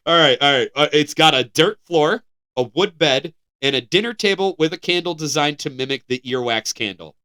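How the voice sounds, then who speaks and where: An American man co-hosting a podcast, reading news items aloud in a casual, animated way with laughs and stumbling restarts. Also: a little high, moderate pace. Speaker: podcast co-host.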